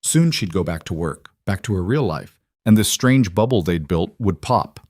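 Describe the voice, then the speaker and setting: A man narrating a scripted story in a steady, even manner. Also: sits low, normal speed, no echo.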